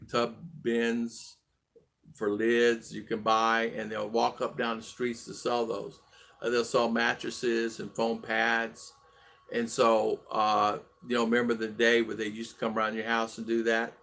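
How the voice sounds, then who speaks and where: Gravelly, rambling male livestream host. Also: fairly low pitch, monotone, fairly bright tone. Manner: rambling, halting, many fillers and restarts; friendly, greets viewers one by one. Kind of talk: casual live chat greeting viewers.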